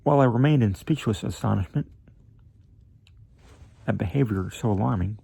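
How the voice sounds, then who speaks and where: Guy reading an old story aloud, husky and dry sounding, measured and a bit theatrical, stumbles now and then. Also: lowish voice, dark tone, dry recording. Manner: measured, slightly theatrical reading with occasional slips. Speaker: narrator. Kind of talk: amateur reading of a classic story.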